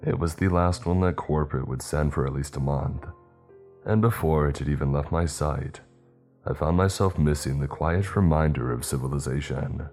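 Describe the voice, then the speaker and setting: A man narrating a scripted horror story in the first person, in a steady, even storytelling way. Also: rumbling low, moderate pace, faint music behind.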